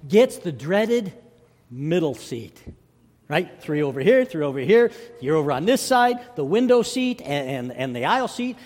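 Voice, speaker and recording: A male pastor preaching a sermon, telling a story with animated swings from loud to hushed. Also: fairly high pitch, big-room sound.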